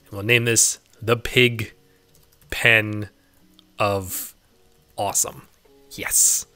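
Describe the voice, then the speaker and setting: A man's voice: lowish voice, little pitch movement, drawn-out words, pushed and bright, clean tone. A man giving casual gameplay commentary as a let's play host, chatty and often laughing, coaxing game animals in a singsong voice.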